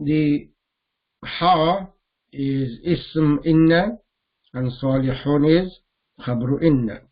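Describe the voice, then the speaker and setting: A man teaching Arabic grammar in a lesson, slowly repeating terms and putting questions to his students. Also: fairly high pitch, lo-fi sound. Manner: slow, deliberate, repeats terms and quizzes students. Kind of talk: live online grammar lesson.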